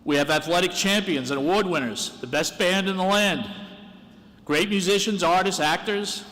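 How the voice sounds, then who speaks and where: A man delivers a graduation speech as dean of the senior class, earnest and encouraging with a self-deprecating streak. His voice is bright and fairly high, and it carries a long hall reverb. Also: moderate pace.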